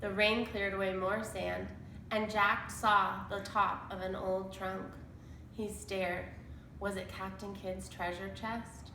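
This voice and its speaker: A woman reading a children's chapter book aloud in a slow, deliberate storytelling manner. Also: mid-range voice, level tone, bright, forceful tone, roomy sound, a little hiss or hum, low-quality recording. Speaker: storybook reader.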